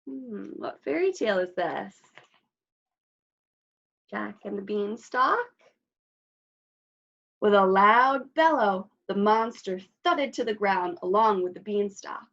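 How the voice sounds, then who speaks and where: Expressive woman reading to children. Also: mid-range voice, slow, gravelly, pauses often, highs cut off. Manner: expressive read-aloud with asides to children. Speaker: librarian storyteller. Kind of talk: children's story time read-aloud.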